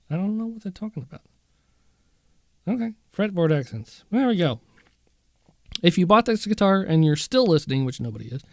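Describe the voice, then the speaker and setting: A guitar channel host chats and rambles to himself in a casual video while browsing guitar listings. His voice is a little high and a little mellow, captured in a dry, studio-quality recording.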